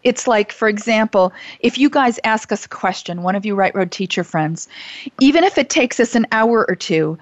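A woman's voice: mid-range voice, lively intonation, moderate pace, dry recording, highs cut off. A middle-aged woman hosting a call-in show for teachers, talking in an earnest, gushing way with many restarts. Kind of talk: heartfelt casual talk show monologue.

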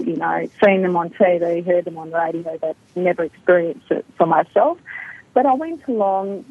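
A woman's voice: fairly low pitch, breathy edge. A middle-aged woman from Australia, a guest telling a personal story and acting out the lines of the people in it. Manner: animated storytelling, acts out quoted dialogue. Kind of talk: storytelling in an interview. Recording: tinny phone line.

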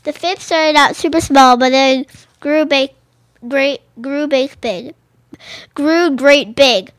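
A woman's voice: high voice, takes it slowly, no echo. A woman reading children's picture books aloud, stumbling over and rereading phrases and adding casual comments of her own.

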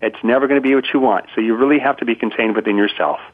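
A man in his fifties speaks very fast at a medium pitch on a tinny phone line. In this conversational interview he's the guest, telling stories, acting out quotes and repeatedly stammering into restarts.

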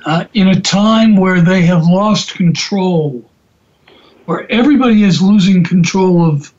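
Slow, high-voiced male radio host. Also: a little mellow. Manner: searching, rephrasing what the guest said. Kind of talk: interview questions. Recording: dull lo-fi sound.

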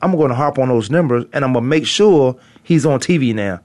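A man's voice: mid-range voice, expressive, a little fast, a little mellow. Laid-back man on sports radio. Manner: laid-back, joking, talks in loose slang. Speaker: sports talk show host. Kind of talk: casual sports radio banter.

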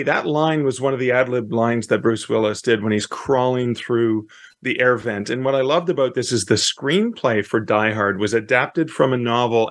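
A man's voice: medium pitch, no echo, studio quality. A man from Canada, a guest author on a radio show, talking enthusiastically with light jokes. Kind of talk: casual interview answer.

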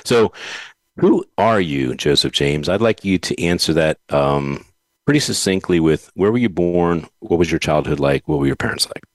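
A man with a very low voice chats casually as a podcast host, wandering through long anecdotes and laughing often. The sound is dry and close. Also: animated, normal speed, gravelly, dry recording. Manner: rambling storyteller, laughs often. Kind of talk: casual chat.

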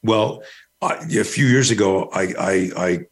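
Speaking unhurriedly in a fairly low voice, a middle-aged man shares a long personal story as a guest on the subject of fear management. The storytelling is rambling and anecdotal, relaxed, and sprinkled with the odd swear word.

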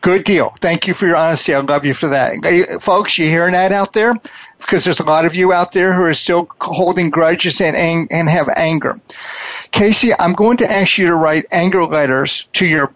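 A man hosting a coaching interview, talking in a preachy, emphatic way and repeating his key phrases slowly. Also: fairly high pitch, a bit bright, no room sound, lo-fi sound. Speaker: podcast host and wealth coach.

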